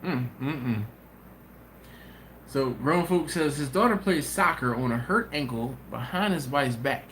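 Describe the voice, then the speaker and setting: A man's voice: mid-range voice, unhurried, a little hiss or hum. A man hosting a live stream, casually chatting and reading viewer comments aloud, telling stories with slang and frequent laughter. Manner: laughs often, animated storytelling, slangy. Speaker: host of a barbecue channel live stream.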